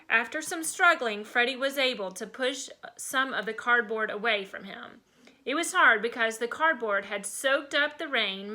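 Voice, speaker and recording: A first-grade teacher reads a chapter book aloud to her class with slow, expressive storytelling. Her voice sits on the high side and sounds bright and forceful. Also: rough recording. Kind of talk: reading a storybook aloud to children.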